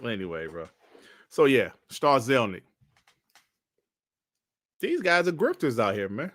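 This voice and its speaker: A man's voice: mid-range voice, wildly swooping pitch, a little slow, fairly bright tone. A man hosting a casual gaming podcast, ranting bluntly with plenty of slang and swearing. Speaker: podcast host.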